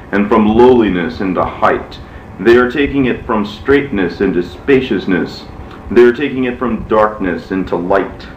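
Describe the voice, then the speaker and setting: A man's voice: fairly low pitch, a little hiss or hum, natural voice. A man reading as a devoted, fearful son. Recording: echoey, muffled, from far off.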